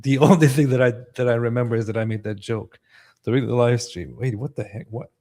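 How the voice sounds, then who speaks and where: A man from Turkey co-hosting a livestream, reading viewer comments aloud in a relaxed, chatty way. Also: mid-range voice, a little fast. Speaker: co-host reading chat. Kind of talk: casual livestream chat.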